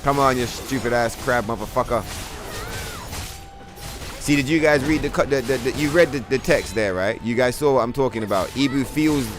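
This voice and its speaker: A man's voice: medium pitch, normal speed, music in the background. Profane, trash-talking male gaming streamer. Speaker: streamer playing a video game. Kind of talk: live gameplay commentary.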